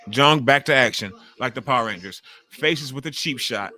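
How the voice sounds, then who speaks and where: Host type: man in his forties, loud and chatty, bright, forceful tone, swears freely while reacting to wrestling live. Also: medium pitch, expressive, normal speed. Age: 40s. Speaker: livestream host. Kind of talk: casual live wrestling watch-along commentary.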